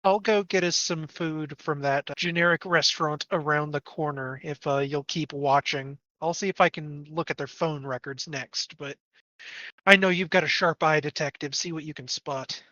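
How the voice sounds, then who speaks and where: A man's voice: fairly high pitch, fairly even intonation, moderate pace, bright, forceful tone, no echo. A man playing a tabletop role-playing game in character, speaking in a dry, matter-of-fact way. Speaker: player. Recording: dry, dull lo-fi mic.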